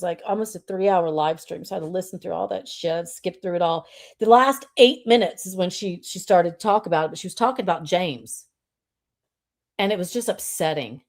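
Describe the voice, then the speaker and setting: A woman's voice: mid-range voice, darkish tone. Chatty woman livestreaming. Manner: chatty, greets viewers, says y'all. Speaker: livestream host. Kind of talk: casual live stream chat.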